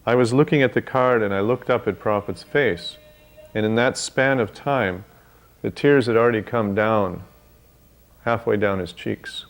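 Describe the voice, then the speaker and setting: A man's voice: fairly low pitch, moderate pace, soft background music. An older man recalling memories in an interview, speaking hesitantly with fillers. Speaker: devotee sharing memories. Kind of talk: reminiscing interview.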